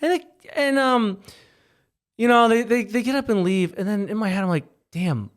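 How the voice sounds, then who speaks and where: A man's voice: high-pitched, moderate pace. A man in his thirties co-hosting a podcast, telling a story in casual chat and acting out the voices of people he quotes. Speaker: podcast co-host.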